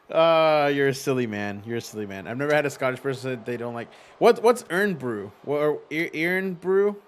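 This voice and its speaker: Animated man chatting on a livestream. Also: medium pitch, measured pace. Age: adult with young children. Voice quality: animated, swears casually, laughs easily. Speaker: streamer hosting a simulated wrestling league. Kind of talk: casual livestream chat, reading viewer messages aloud. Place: home streaming setup with a green screen.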